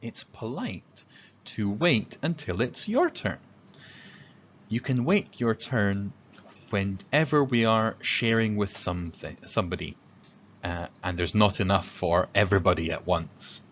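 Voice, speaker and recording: A man teaching young children about manners, speaking slowly with a lively, rising and falling pitch. He acts out the examples himself, sometimes in a high child's voice. The recording sounds slightly dull, with faint noise behind him.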